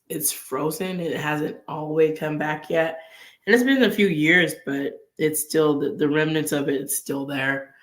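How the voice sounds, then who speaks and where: Earnest woman in a roomy echo. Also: low voice. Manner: earnest, acts out inner dialogue. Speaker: vlog host. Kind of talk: casual faith chat.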